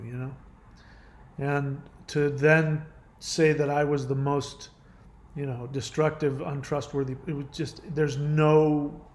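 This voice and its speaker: Earnest man telling a painful story. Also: a little high. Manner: halting, many restarts and fillers, earnest. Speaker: caller sharing a personal story. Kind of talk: emotional personal account.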